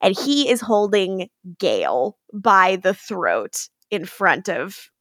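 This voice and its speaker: A woman's voice: medium pitch, very animated, slow, fairly bright tone, dry recording, clean studio sound. A woman co-hosting a podcast, casually recapping a TV episode, laughing often and swearing freely.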